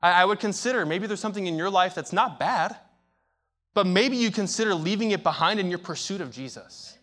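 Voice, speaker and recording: Young guy preaching, lighter high voice, gets quiet then yells, super animated storytelling. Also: a little fast. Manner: animated storytelling, swings from hushed to shouting. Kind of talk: sermon with personal story.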